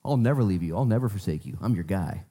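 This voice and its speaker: A man's voice: fairly low pitch, lively intonation, quick pace, dark tone, breathy edge. A man playing an impulsive, ashamed apostle who talks in casual slang. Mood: boastful, sheepish.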